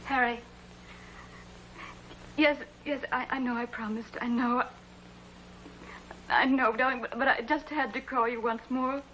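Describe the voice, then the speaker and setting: An actress playing a lonely, desperate woman pleading on the phone, halting and stammering, tearful, in a 1950s TV drama acting style. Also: fairly high pitch, steady tone, fairly bright tone, a little hiss or hum. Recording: muffled old TV soundtrack with music.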